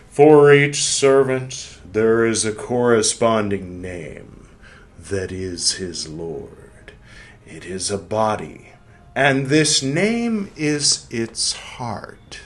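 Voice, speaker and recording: A man hosting a podcast, reading a philosophy text aloud slowly and breaking off for irreverent, joking asides. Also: medium pitch. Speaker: podcast host.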